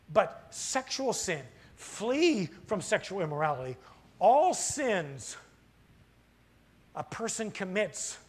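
A middle-aged pastor preaches with a husky edge and a high, lively voice that leaps around as he gets fired up. He presses the congregation with rhetorical questions from the pulpit of a church. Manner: impassioned preaching that swells to loud, fired-up peaks. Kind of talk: sermon. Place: church sanctuary.

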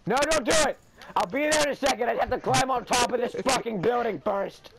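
Hoarse man gamer, shrill and gravelly, screaming over loud background noise. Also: animated, fairly quick. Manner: screaming, swearing, frantic outbursts. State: strained hoarse throat from yelling. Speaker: gamer playing online with friends. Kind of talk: loud gameplay party chat.

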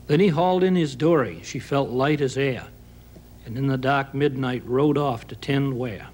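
A man's voice: mid-range voice, normal speed, darkish tone. A man from Maine with a Maine accent, reciting a humorous story poem in a dry, folksy way.

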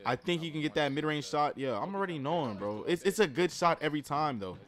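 Male streamer, casual basketball reaction commentary, slangy and excitable. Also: a little high, fast. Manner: excitable, loud outbursts, slangy.

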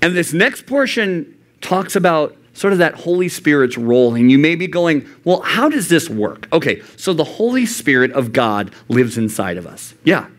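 A man preaching to a youth group, animated and acting out the voices he quotes. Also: a little high, moderate pace. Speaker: youth pastor. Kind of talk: sermon. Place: church youth service.

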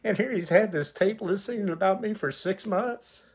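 A man's voice: high voice, normal speed, breathy edge. A male pastor telling his personal testimony, an emotional, vivid retelling full of quoted dialogue.

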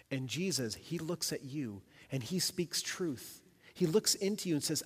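A senior pastor giving a sermon with an emphatic, repetitive preaching cadence. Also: male voice, medium pitch, expressive, moderate pace, husky. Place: church sanctuary. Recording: long church reverb.

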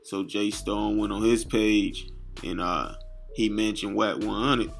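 A man's voice: on the low side, steady tone, slow, vocal fry, faint music behind. A man hosting a casual commentary vlog, talking loosely in street slang and reading captions aloud to his viewers. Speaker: YouTube commentary host.

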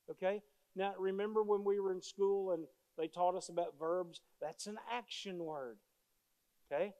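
A man's voice: high voice, darkish tone. A male pastor preaching a sermon with emphasis, repeating key phrases as he tells stories.

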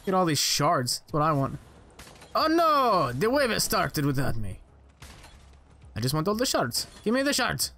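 A man's voice: a little high, big pitch swings, moderate pace, pushed and bright. A young man commenting on his own gameplay, exclaiming, joking to himself and swearing as he plays. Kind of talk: casual let's play commentary.

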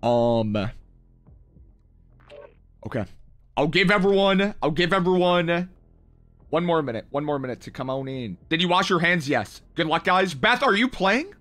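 A man's voice: a little high, lively intonation, measured pace, pauses often, fairly bright tone. A young man livestreaming a mobile game, reading his chat aloud with hyped, playful, slangy banter. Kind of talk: live gaming stream, reading chat.

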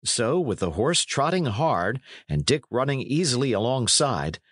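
A man narrating a classic adventure novel in a measured, expressive way. He reads slowly with a very lively pitch, and his voice is recorded close and dry. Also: husky, no room sound. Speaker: audiobook narrator. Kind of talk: scripted narration.

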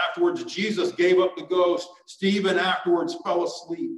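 A man's voice: fairly high pitch, fairly even intonation, a little slow, few pauses. A male pastor preaching a sermon in an earnest way that builds to urgent exhortation. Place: church sanctuary. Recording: echoey church sanctuary, mic at a distance.

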